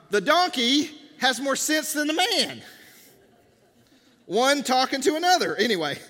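A man's voice: high-pitched, sharp tone, in a large hall. A man preaching a sermon in a church, talking conversationally and acting out the dialogue of biblical scenes. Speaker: pastor. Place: church sanctuary.

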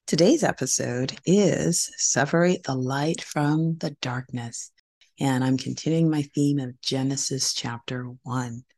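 A woman's voice: sits low, darkish tone. A middle-aged woman hosting a podcast, talking earnestly and encouragingly and repeating her key phrases. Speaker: podcast host. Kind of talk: motivational podcast monologue.

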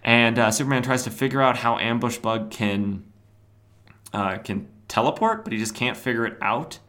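A man's voice: medium pitch, animated, moderate pace, fairly bright tone. A man hosting a podcast, recapping a comic in a rambling, casual way with filler words. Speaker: podcast host.

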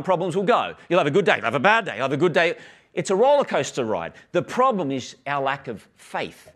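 Man, preacher, sermon, slightly high voice, very animated pitch, acts out dialogue, casual storytelling. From Australia. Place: church hall with live congregation and online stream.

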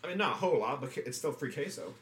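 A young man co-hosting a casual podcast chat, joking and teasing his friends, quick to laugh. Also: medium pitch, expressive, a bit bright. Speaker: podcast co-host.

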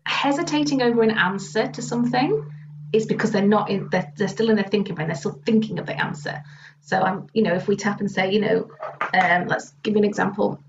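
A woman EFT practitioner and confidence coach, a guest in an interview, explaining her work through lively stories and casual swearing. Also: mid-range voice. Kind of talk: conversational interview answers. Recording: distant, muffled with faint background noise.

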